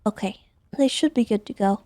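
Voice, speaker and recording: A woman in her twenties from Washington state, playing a driving school instructor in a role-play game, friendly and gentle with many hesitant fillers. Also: mid-range voice, moderate pace, no echo. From Washington state, USA. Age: 20s. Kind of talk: in-character role-play chat.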